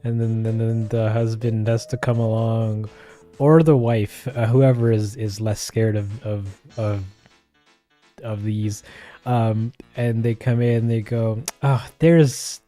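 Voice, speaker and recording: A man's voice: fairly low pitch, warm tone. Rambling, playful man on a stream. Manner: rambling, playful, laughs often. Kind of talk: casual chat while drawing on stream.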